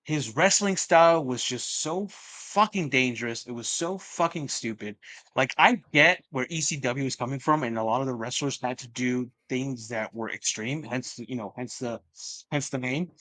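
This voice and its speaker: A man co-hosting a casual wrestling podcast, talking bluntly in a flat, monotone way with constant swearing. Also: mid-range voice, normal speed. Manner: blunt, profane, self-described monotone. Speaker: podcast co-host.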